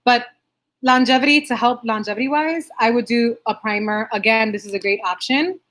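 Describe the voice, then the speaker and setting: A woman's voice: fairly high pitch, fairly quick, fairly bright tone. Bubbly young woman makeup artist. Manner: bubbly, chatty, laughs often. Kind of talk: casual livestream Q&A.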